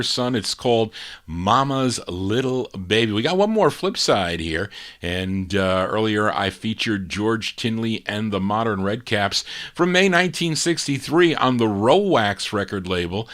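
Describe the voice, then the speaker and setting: A man's voice: mid-range voice, expressive, moderate pace, fairly bright tone. An older man hosting an oldies radio show, chatting casually between records with fillers and repeated details.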